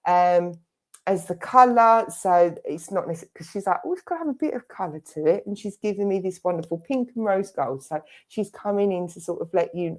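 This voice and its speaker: A woman's voice: mid-range voice, a little mellow. A middle-aged woman giving a clairvoyant reading as a spiritualist medium, chatty and full of quoted asides. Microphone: online service stream.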